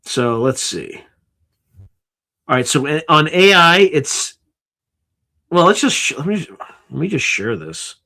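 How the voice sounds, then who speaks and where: A man's voice: on the high side, big pitch swings, slow pace, gravelly, long pauses, sharp tone. A man hosting a live stream, tired and yawning, reading through a list in a casual, offhand way with sarcastic asides. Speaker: livestream host.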